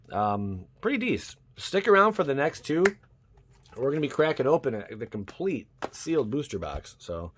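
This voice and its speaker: A young man hosting his channel, chatting casually as he opens card packs and bursting into loud cheers over good pulls. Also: medium pitch, slight background noise. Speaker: YouTube channel host. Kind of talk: casual card-pack opening commentary.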